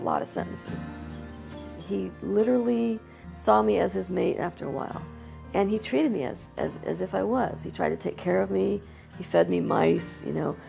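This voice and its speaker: A woman's voice: medium pitch, gravelly, darkish tone. A woman who cared for a wild bird tells her story in an interview, talking in a reminiscing, conversational way. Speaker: wildlife caretaker.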